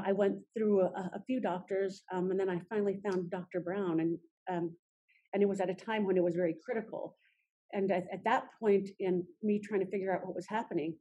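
A woman in her thirties telling her own story in an interview, halting often with restarts and fillers. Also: mid-range voice, mellow, breathy edge.

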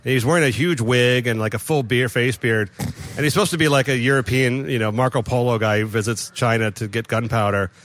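Fast-talking man in bar chat. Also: medium pitch, a little hiss or hum. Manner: animated, opinionated, swearing. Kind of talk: casual chat.

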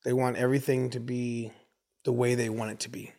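Man, forties, from the US, interview guest, animated storyteller, mid-pitched voice. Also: a little fast. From United States. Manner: animated storyteller who acts out neighborhood voices. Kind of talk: casual interview.

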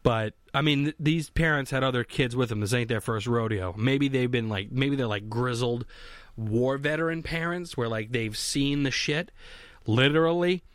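A man's voice: medium pitch, normal speed, fairly bright tone, no room sound. A young man in a casual solo monologue from a home basement, rambling, swearing and mocking himself.

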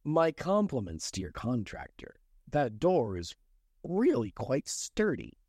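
A man's voice: mid-range voice, huge pitch swings, slow, darkish tone, breathy edge, no room sound, clean studio sound, full character voice. A man voicing a smug necromancer villain who speaks with sly, mocking politeness.

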